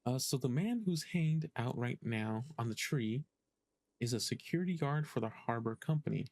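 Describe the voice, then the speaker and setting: A man giving casual let's-play commentary, hesitant and thinking aloud with many pauses. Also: mid-range voice, lively intonation, darkish tone, dry recording. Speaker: gaming streamer.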